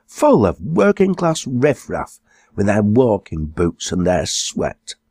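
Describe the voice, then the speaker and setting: A man's voice: on the low side, huge pitch swings, slow, darkish tone, husky, dry recording, clean studio sound, full character voice. A man voicing a snobbish, disdainful middle-aged woman in an audiobook. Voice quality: disdainful, complaining.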